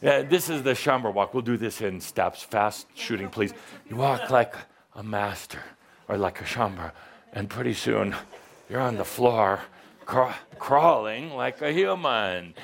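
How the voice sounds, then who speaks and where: A man's voice: on the low side, expressive, a little slow, gravelly. A man giving a playful spiritual talk to a live audience, teasing the listeners and acting out little voices. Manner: theatrical, teasing, acts out voices. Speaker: spiritual teacher addressing a live group.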